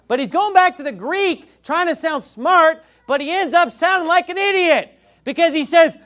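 A male pastor preaching a sermon, sarcastic and mocking, swinging from quiet explanation to shouting. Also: extremely high pitch, animated, normal speed.

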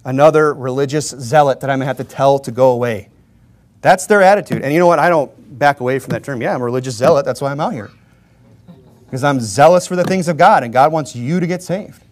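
A man preaching a conversational sermon to his congregation, informal and joking, chuckling often and pressing his points with emphatic rhetorical questions. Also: on the high side. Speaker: Baptist preacher.

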